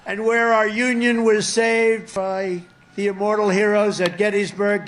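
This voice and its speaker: Rambling male politician at a rally, high pitch, faint ambience behind. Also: little pitch movement, a little slow, few pauses, a bit bright, a little hiss or hum. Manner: rambling, repetitive. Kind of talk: rally speech.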